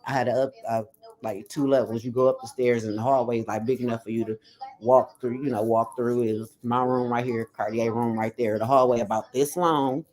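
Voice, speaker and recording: Speaking briskly in a rumbling low voice, a woman relates her own story during casual conversation. She's blunt and heavily profane, acting out the quoted lines with lots of animation.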